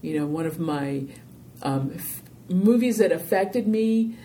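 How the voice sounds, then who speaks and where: A woman talking casually as an interview guest about her filmmaking, rambling and animated with lots of "you know"s. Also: on the low side, measured pace, a little hiss or hum.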